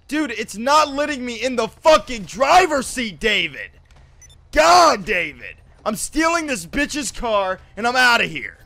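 High-pitched lisping man raging at a game. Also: big pitch swings, unhurried, slight background noise. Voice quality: lisp. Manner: yelling and swearing in bursts of rage. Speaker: game streamer. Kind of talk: raging live gameplay commentary. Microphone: cheap mic that cuts out on loud shouts.

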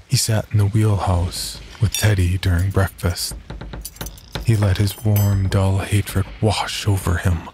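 A man reading a horror story aloud in a steady, measured narrating voice. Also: low-pitched, a little hiss or hum.

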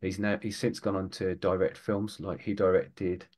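British man, very low voice, guest author, thoughtful, restarts sentences. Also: level tone, normal speed, darkish tone. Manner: rambling, self-correcting, thoughtful. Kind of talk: podcast interview.

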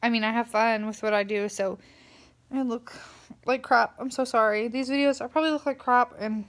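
A woman's voice: on the high side, steady tone, normal speed. A tired young woman, rambling through a casual vlog rant full of fillers. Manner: chatty, rambling, lots of "like" fillers. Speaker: vlogger.

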